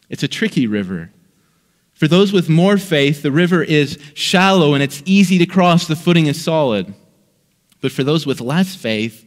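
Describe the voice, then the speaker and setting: Man preaching in a reverberant hall. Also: on the high side. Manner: dramatic storytelling that swings between hushed and raised lines. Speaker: pastor. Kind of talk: sermon storytelling.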